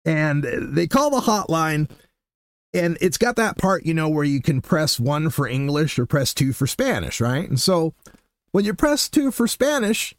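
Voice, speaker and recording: A man hosting a casual solo podcast, telling stories in an animated way and acting out what people said. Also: fairly high pitch, measured pace, no room sound, studio quality. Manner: animated storyteller who acts out quotes. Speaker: podcast host.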